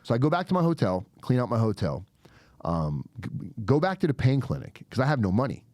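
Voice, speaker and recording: A man in his forties telling a story on a podcast, animated and cursing, acting out the voices of the people in it. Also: mid-range voice, a little fast, dry recording. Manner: animated, swears a lot, acts out quoted voices. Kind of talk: casual storytelling. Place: podcast studio.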